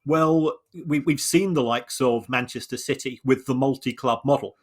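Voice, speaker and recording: A man co-hosting a podcast, explaining points in a measured way with frequent restarts and repeated words. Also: mid-range voice, breathy edge. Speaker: podcast co-host. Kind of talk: conversational analysis.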